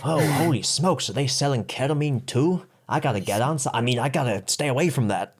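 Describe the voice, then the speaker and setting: A man's voice: medium pitch, expressive, fairly quick, a little hiss or hum, lightly acted. A man doing a put-on American accent as a brash, boastful, mock-patriotic American man who rambles and stumbles over his words. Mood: bumbling. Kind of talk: comedic impression in casual podcast chat.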